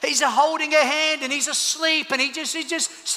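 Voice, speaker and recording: Male preacher, very bright and ringing, dramatic storyteller, in a big echoey room. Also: very high voice, fairly even intonation, normal speed, few pauses. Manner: storytelling, swings from loud to quiet. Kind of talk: sermon. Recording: echoey hall.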